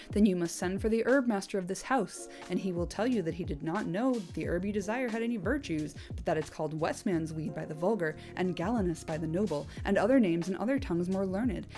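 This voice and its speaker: A woman reading the part of a weary noble male king, in a measured, gently teasing voice. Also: mid-range voice, natural voice.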